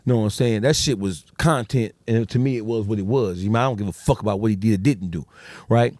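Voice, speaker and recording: Man, guest on a podcast, talks quick and swears a lot, dry close sound. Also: lowish voice, darkish tone, no echo. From Detroit, USA. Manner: profane, street slang, acts out quoted dialogue. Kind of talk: casual storytelling.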